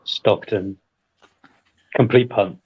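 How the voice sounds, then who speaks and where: A man's voice: lowish voice, fairly even intonation, slow, husky, muffled recording. A man calling in to a football quiz, blunt and swearing when he is stumped. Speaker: quiz caller. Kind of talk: casual chat.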